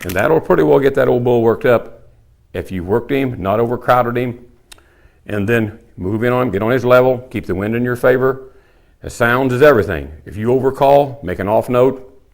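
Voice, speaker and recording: A man's voice: mid-range voice, expressive, moderate pace, gravelly. An older man with a folksy, plainspoken manner, teaching elk calling and demonstrating the calls as he talks. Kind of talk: hands-on calling tutorial.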